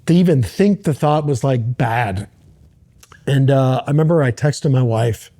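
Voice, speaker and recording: A middle-aged American man, a former Navy SEAL, telling a personal story as an interview guest, halting and earnest with many restarts. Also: medium pitch, dark tone.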